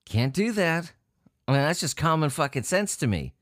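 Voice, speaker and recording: A man's voice: on the high side, big pitch swings, moderate pace, no room sound, studio quality. A man reading odd news stories aloud and joking about them in a casual, profane way, often laughing as he reads. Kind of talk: casual solo commentary on news.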